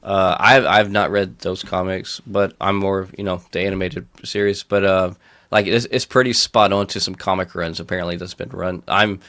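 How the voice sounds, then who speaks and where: Guy on a podcast rambling about shows, laughs a lot, bright voice, dry close mic. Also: low-pitched, steady tone, normal speed, no room sound. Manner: rambling, laughs often, many fillers and restarts. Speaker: podcast co-host. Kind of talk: casual pop-culture chat.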